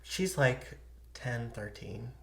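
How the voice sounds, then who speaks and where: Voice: medium pitch, lively intonation, slow pace, gravelly, fairly bright tone. A podcast host retelling a true haunting story in a casual, chatty way, acting out the people quoted.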